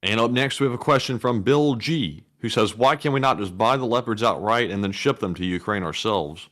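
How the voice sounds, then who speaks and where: A man's voice: lowish voice, fairly quick, fairly bright tone. A man co-hosting a livestream, reading viewer questions aloud in a plain way with hesitant fillers. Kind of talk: casual livestream Q&A.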